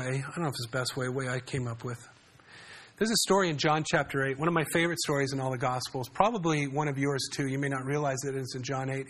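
Conversational pastor preaching, slightly high voice. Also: male voice, a bit bright. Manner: conversational, asks the congregation questions. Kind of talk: sermon.

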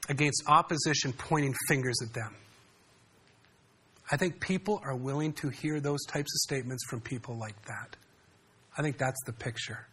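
A man's voice: mid-range voice, normal speed, a bit bright, husky. A man preaching a sermon in a conversational way, often asking his congregation questions. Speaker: pastor.

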